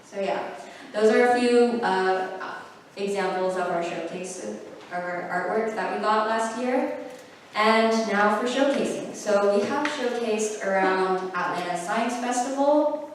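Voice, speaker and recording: A woman's voice: mid-range voice, unhurried, slight background noise. A young woman giving a casual presentation with plenty of fillers and self-corrections, a little short of breath. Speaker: guest speaker. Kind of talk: presentation talk. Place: large hall. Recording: echoey hall, far from the mic.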